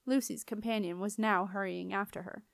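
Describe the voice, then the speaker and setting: A woman's voice: medium pitch, fairly even intonation, normal speed, gravelly, no room sound. Woman reading a storybook, dry. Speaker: audiobook reader. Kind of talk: storybook narration.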